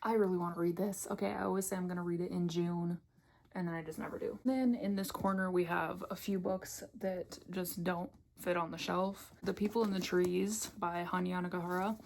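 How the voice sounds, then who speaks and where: Young woman vlogger, candid and chatty, low-pitched voice with vocal fry, recorded on a tripod camera at home. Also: steady tone, moderate pace, a little mellow, slight background noise. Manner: chatty, candid, swears freely. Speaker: book vlogger. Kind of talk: casual bookshelf tour chat. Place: home room by her bookshelves.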